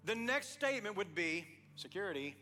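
Pastor, male, high bright voice, sermon in a reverberant hall over faint music; animated storyteller. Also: normal speed. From East Texas. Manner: animated storytelling, acting out both sides of dialogues, then quiet earnest appeal.

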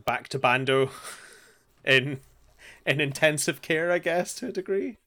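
Man, bright forceful voice, sarcastic, joking podcast chat. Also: on the high side, a little slow. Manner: joking, sarcastic, laughs often. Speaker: podcast co-host. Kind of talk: casual chat recapping an anime.

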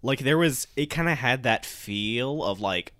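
A man's voice: medium pitch, lively intonation, measured pace, a bit bright, no echo, studio quality. A young man co-hosting a podcast, chatting in a laid-back way, mostly with short replies. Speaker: podcast co-host. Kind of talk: casual chat.

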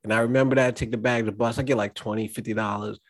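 Relaxed man hosting a podcast. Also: on the low side, rapid-fire, no echo. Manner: relaxed, affirming with short interjections. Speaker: podcast host. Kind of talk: casual interview chat.

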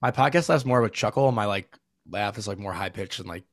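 A man in a relaxed podcast chat, mid-pitched and easygoing. His talk wanders, full of fillers, and his lines fade quietly at the ends. The sound is dry and close, with no room around it. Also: fast talker, dry recording. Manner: rambling, filler-heavy, trails off softly. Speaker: podcast co-host. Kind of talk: casual chat.

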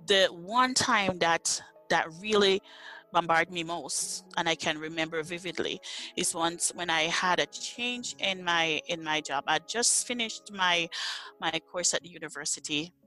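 A middle-aged woman tells her story of faith in an interview, earnest and searching, often circling back over her words. Her voice is bright and sits a little low, with soft music faintly underneath. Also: measured pace. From Jamaica. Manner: earnest, repeats words while searching for them. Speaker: interview guest. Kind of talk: personal faith testimony in conversation.

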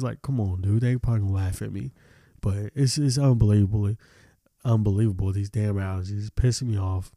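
A man's voice: on the low side, fairly even intonation, fairly quick, warm tone, dry recording, studio quality. A young adult man hosting a podcast alone, ranting casually with lots of swearing, his nose stuffed up from allergies. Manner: profane, rambling, exasperated. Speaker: podcast host.

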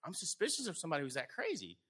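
A middle-aged American man chatting on a podcast, telling profane, animated stories. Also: on the high side, rapid-fire, breathy edge. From United States. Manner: profane storytelling, quotes himself animatedly. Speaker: podcast guest. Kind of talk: casual podcast chat.

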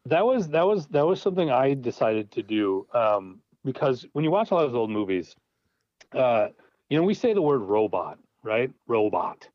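A man's voice: medium pitch, big pitch swings, moderate pace, no room sound. A man being interviewed about the films he writes, talking casually and laughing as he trips over his words. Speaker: filmmaker guest. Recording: dull dry lo-fi sound.

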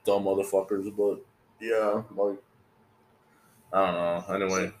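A man's voice: sits low, flat delivery, measured pace, roomy sound. A man hosting a podcast in casual, profane chat, rambling and acting out what his friends said. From California. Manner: rambling, swears a lot, acts out quoted friends. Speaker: podcast host.

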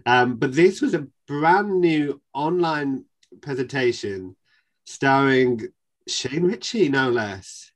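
A man's voice: mid-range voice, expressive, takes it slowly. A man with a Northern English accent hosting a casual panel chat about theatre, chatty and laughing easily. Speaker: podcast host.

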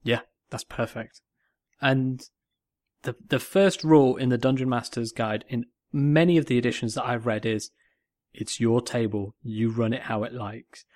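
A man from North West England, co-hosting a casual podcast in a jokey, animated way and repeating phrases for emphasis. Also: medium pitch, normal speed, dry recording, clean studio sound. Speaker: podcast co-host.

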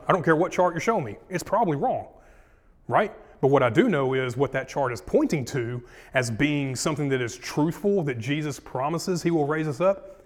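A man teaching a Bible study in a relaxed, conversational way, dropping in slang and checking in with "yeah?" and "right?". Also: on the high side, long reverb tail.

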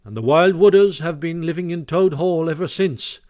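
A man's voice: fairly high pitch, normal speed, darkish tone, close to an everyday voice. A man voicing a sensible, fretful male water rat in an audiobook reading, earnest and warning. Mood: gossipy. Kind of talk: audiobook character voice.

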